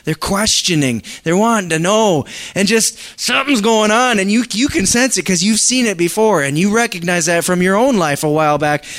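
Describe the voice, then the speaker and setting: Pastor preaching in a slightly high voice. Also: male voice, animated, moderate pace, hardly any pauses, fairly bright tone. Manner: conversational preaching, reads scripture then asks the congregation questions. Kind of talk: sermon.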